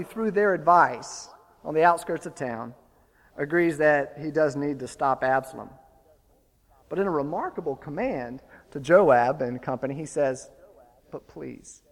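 A man preaching a sermon, retelling a story with lively, building emphasis. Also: a little high, in a large hall. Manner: storytelling, animated, rising to forceful emphasis.

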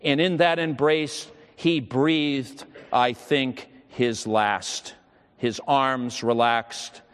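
A man's voice: mid-range voice, fairly even intonation, extremely slow, smooth. A pastor, a man, preaching a sermon with solemn storytelling and prayer in a church hall. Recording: long hall reverb.

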